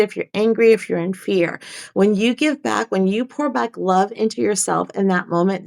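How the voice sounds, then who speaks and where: A woman with a middle-pitched voice gives spiritual coaching on a live stream. Her talk is soft and reflective. She circles back and repeats her key phrases. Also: moderate pace, vocal fry. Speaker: life coach.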